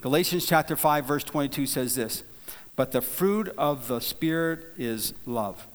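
A man preaching a sermon, telling a folksy story in a relaxed, conversational way, with frequent restarts and repeated words. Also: a little high, unhurried. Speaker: pastor. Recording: long hall reverb.

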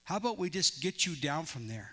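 A man plays a serene, patient spirit who talks in a gentle, reassuring, unhurried way. The voice carries through a large hall with a long reverb. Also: fairly high pitch, very animated, exaggerated voice. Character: calm, patient divine spirit voice.

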